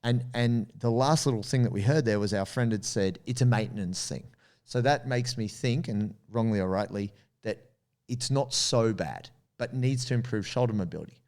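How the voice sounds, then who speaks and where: A man's voice: on the low side, a little mellow. A man with an Australian accent, co-hosting a podcast and explaining training advice in a coaching, explanatory tone, speaking directly to listeners. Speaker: podcast co-host. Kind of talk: casual podcast chat giving training advice.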